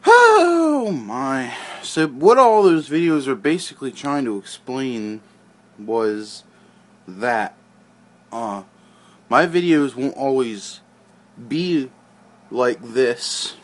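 A man vlogging casually in a groggy morning voice, rambling offhand and clearing his throat often, recorded on a phone indoors. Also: mid-range voice, expressive, takes it slowly, pauses often. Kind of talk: casual vlog chat.

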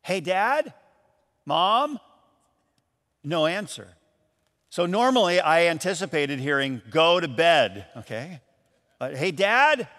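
Pastor guy telling a story in his sermon, higher voice, echoey church hall. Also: unhurried. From Michigan, USA. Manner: storytelling, animated, acts out calls and quotes.

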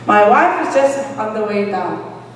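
A woman's voice: medium pitch, expressive, a little slow, a little hiss or hum. A woman preaching a sermon testimony, emphatic and prodding listeners with rhetorical questions. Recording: distant mic in echoey hall.

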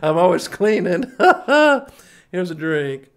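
A man's voice: high-pitched, sing-song, slow pace, clean tone. A man in his forties hosting a music livestream, chatting casually between songs in a folksy, rambling way and calling his viewers folks. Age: 40s.

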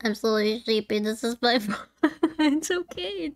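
A woman gives casual let's-play commentary in a slightly high voice, giggling and thinking aloud as she plays. She talks at an unhurried, drawn-out pace. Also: animated. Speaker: streamer playing a video game.

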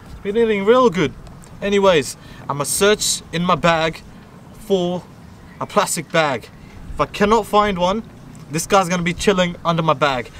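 Excitable young man fishing outdoors. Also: fairly high pitch, slight background noise. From Australia. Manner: excitable, slangy, laughs often. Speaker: fishing vlogger. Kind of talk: casual outdoor vlog commentary. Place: outdoors on a rock wall by the sea.

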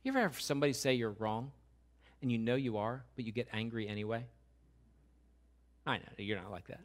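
A man preaching a sermon as pastor, talking in a conversational, animated way with quick asides and repeated restarts. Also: medium pitch. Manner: acts out what God and others say.

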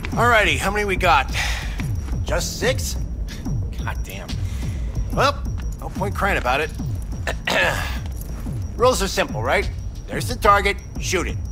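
An actor playing a gruff male shooting-range master who barks orders and rambles crudely with fillers, in video game dialogue. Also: sits high, sing-song, slow, long pauses, over music, full character voice. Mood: rambling.

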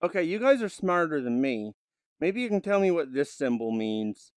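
A man casually commenting on his gameplay, chatty and animated, sometimes bursting into loud exclamations and coaxing animals and his dog. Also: a little high, normal speed, no echo, studio quality. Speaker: gaming video host.

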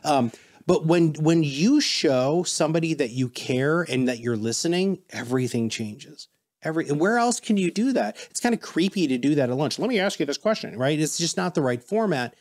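A man with a slightly high voice tells stories on a podcast as a guest. He is animated and acts out the people he quotes. His talk stays casual and conversational throughout. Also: normal speed. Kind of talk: casual interview storytelling.

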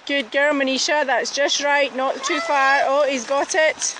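At a measured pace and in a high voice, a dog daycare owner chatters excitedly to the dogs she's walking, cooing and calling to them while filming by a woodland river on her handheld camera. The outdoor recording by the river is noisy.

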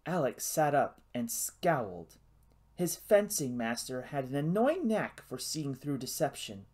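A man narrating a novel as an audiobook in a hushed, suspenseful reading. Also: mid-range voice, very animated, a little slow.

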